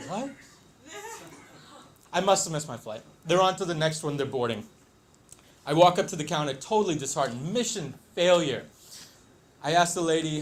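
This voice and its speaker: A man telling a story on stage, lively, acting out the voices and laughing along. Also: on the high side, normal speed, long pauses. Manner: animated, acts out quotes, laughs along. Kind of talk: live storytelling performance.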